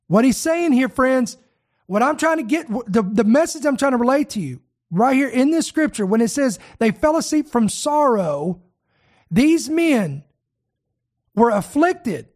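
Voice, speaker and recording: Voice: high-pitched, very animated, a little slow, a little mellow. A preacher delivering a sermon, speaking earnestly, repeating key words for emphasis and addressing the listeners directly.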